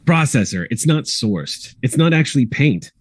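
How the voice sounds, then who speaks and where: A man voicing a brisk, fussy but kind male robot medic in a tabletop game. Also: mid-range voice, sing-song, husky, dry recording.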